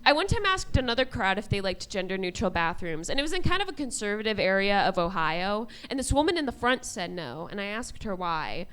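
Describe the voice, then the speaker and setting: A woman in her twenties doing a stand-up comedy set on a club stage, deadpan delivery and laughing at her own jokes. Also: medium pitch, a little fast, few pauses, smooth. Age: 20s.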